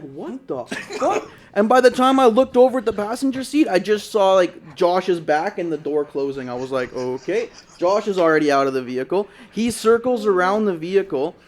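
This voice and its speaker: A young man, co-hosting a podcast, telling a long story in a rambling, casual way, peppered with "like" and cursing. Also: high voice. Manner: rambling, lots of "like" and profanity. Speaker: podcast co-host.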